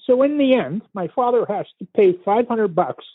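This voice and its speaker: Older Canadian man, husky storyteller, dry tinny phone-line sound. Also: high-pitched, lively intonation, dry recording. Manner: unhurried, vivid storytelling with pauses and restarts. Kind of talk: recounting a family story in conversation.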